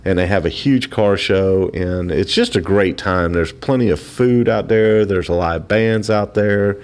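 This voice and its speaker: Low-voiced man, halting and repetitive. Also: smooth. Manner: halting, repeats words while he talks. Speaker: studio guest promoting a local event. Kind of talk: casual radio chat.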